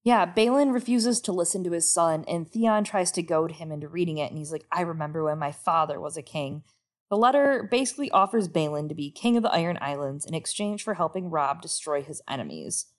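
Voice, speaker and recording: A woman co-hosting a casual podcast, talking about a book in a relaxed way. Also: brisk, few pauses. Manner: relaxed, reads quotes in a low put-on voice. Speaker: podcast co-host.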